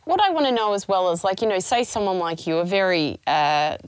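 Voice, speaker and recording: A woman's voice: mid-range voice, lively intonation, brisk, clean tone, dry recording. A woman hosting an interview, asking loose questions and often giving brief affirmations. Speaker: podcast host. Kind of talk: conversational interview.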